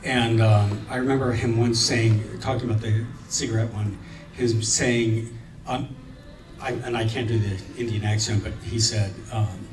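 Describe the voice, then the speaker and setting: A man's voice: on the low side, steady tone, a little slow. Hesitant man reminiscing in an echoey room. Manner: hesitant, many ums and restarts, wry. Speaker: storyteller at a gathering of friends. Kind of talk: casual anecdote telling. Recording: echoey room, recorded from a distance.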